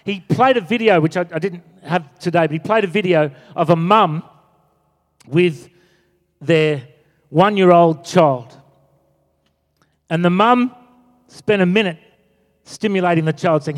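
A middle-aged preacher tells stories with animation and acts out quotes. His voice sits somewhat high for a man. The sermon rings with a long echo through a large church hall. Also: measured pace, long pauses. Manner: animated storytelling, acting out quotes.

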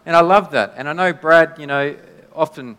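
A man preaching a sermon in a conversational, halting way, often restarting his sentences. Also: a little high, fairly bright tone, smooth. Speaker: pastor. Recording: long hall reverb.

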